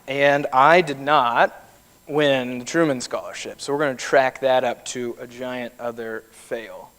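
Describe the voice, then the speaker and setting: At a measured pace, a man in his thirties relates personal stories during a conversational keynote speech. His voice is mid-range and a bit bright, echoing with the long reverb of a large hall.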